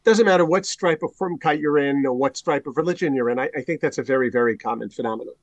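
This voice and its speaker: A man, a rabbi guest on a podcast, speaks thoughtfully and often restarts his sentences mid-thought. His pitch is ordinary and middle. The sound is dry and close to the mic. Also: dry recording. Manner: thoughtful, halting with many restarts and fillers. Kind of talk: conversational discussion.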